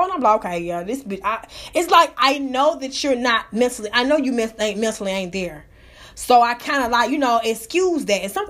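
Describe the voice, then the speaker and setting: A woman live-streaming, telling a story as a loud, profane, animated rant. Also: on the high side. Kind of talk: casual ranting storytelling.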